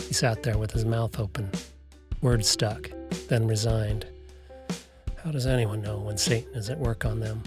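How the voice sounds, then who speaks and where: Male audiobook narrator, low register, calm narration, light guitar bed. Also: normal speed, long pauses. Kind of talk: scripted narration.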